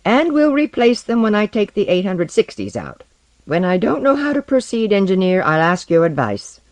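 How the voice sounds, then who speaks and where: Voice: medium pitch, sing-song, unhurried, a bit bright, breathy edge, no echo, heavily acted. A narrator voicing a cold, arrogant man who answers in a curt, condescending way. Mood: cutting.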